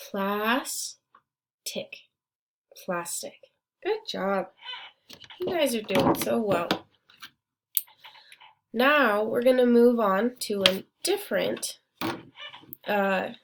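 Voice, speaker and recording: Slow, encouraging woman teaching phonics. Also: a little high, slight background noise. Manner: encouraging, repeats words slowly and syllable by syllable. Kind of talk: classroom phonics lesson.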